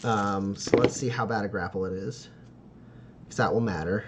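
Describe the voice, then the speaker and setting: A man's voice: on the low side, normal speed, a little hiss or hum. A man narrating a tabletop role-playing game as game master, rambling with lots of "like" and "uh" and laughing often.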